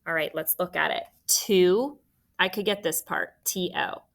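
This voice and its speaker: A woman's voice: on the low side, measured pace, creaky. A young woman teaching a spelling lesson by video, patient and encouraging, spelling words out letter by letter.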